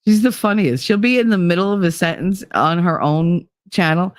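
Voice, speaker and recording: A woman's voice: lowish voice, normal speed, no room sound, clean studio sound. A woman in her fifties hosting a casual livestream chat, blunt and swearing freely, greeting viewers with pet names. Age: 50s. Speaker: livestream host. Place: home.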